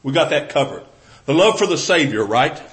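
Southern man, sermon, slightly high voice, earnest with many restarts and a loud-to-soft sway. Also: animated, moderate pace, poor audio. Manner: earnest, repeats and restarts, swings from loud emphasis to soft intimate tones. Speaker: preacher.

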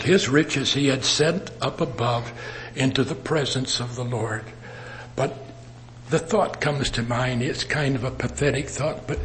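Male preacher, unhurried sermon, earnest emphasis, faint background hum. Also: medium pitch. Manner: slow, earnest, with emphatic rises and soft drops. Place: assembly worship.

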